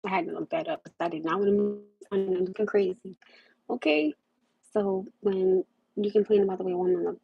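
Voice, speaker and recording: A woman's voice: on the low side, vocal fry, dark tone, husky, dry recording. A young woman hosting a casual livestream, rambling and repeating herself as she talks. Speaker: livestream host. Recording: muffled lo-fi livestream audio.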